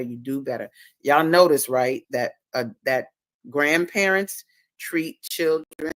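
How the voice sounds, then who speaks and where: A woman's voice: low voice, a bit bright, dry recording. A woman hosting a livestream and talking about her own book in a casual, emphatic, preachy way, repeating words for stress. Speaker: host and author.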